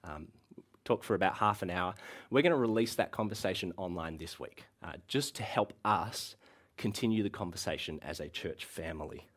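A man's voice: low voice, normal speed. A man in his thirties preaching a sermon as a pastor, talking in a conversational way with frequent ums and uhs. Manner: lively, conversational delivery with frequent uh and um.

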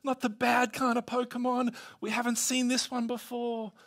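A man voicing panicky male disciples in a high, alarmed voice. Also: monotone, normal speed, fairly bright tone. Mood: panicked.

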